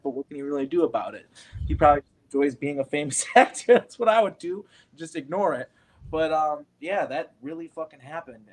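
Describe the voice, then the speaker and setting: A man's voice: on the high side, a little hiss or hum. A man talks in a loose, rambling way as a round-table guest. He is earnest and fills his speech with many fillers. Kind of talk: casual round-table chat.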